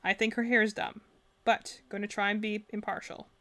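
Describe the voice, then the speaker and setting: A woman's voice: mid-range voice, little pitch movement, moderate pace, pushed and bright. A woman streaming as she reacts to game trailers, talking casually and rambling, with lots of fillers and self-corrections. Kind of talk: casual live-stream commentary.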